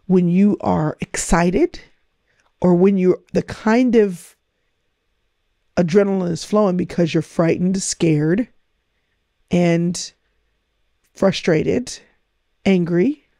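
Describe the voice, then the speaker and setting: A woman's voice: fairly low pitch, slow pace, pauses often, warm tone, no room sound, clean studio sound. A middle-aged woman hosting a podcast, coaching her listeners with emphatic, repetitive phrasing. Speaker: podcast host. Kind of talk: motivational talk.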